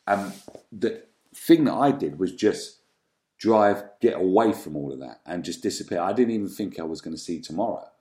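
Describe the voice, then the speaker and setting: A London man with a deep, dark, mellow voice speaks candidly as an interview guest about his past. He is reflective and halting yet animated, often trailing into ums and restarts, in an unpolished, personal delivery.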